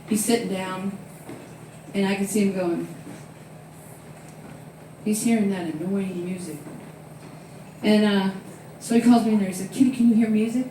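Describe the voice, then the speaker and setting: A woman's voice: medium pitch, far from the mic, slight background noise. Echoey older woman doing stand-up. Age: 60s. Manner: animated storytelling with loud acted-out quotes. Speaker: stand-up comedian. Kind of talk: stand-up comedy set. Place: comedy club stage. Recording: very echoey room, voice off-mic.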